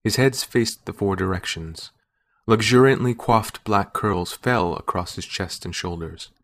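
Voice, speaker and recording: Classic audio fiction: a man calmly narrates a first-person tale from a script. His pitch is on the low side, and his pacing is measured and even.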